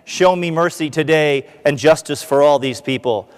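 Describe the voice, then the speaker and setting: A man voicing a condemned male lawyer who pleads grandly for mercy, in a slow, drawn-out way. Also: fairly high pitch, clear, resonant tone, big-room sound, close to an everyday voice. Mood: pleading.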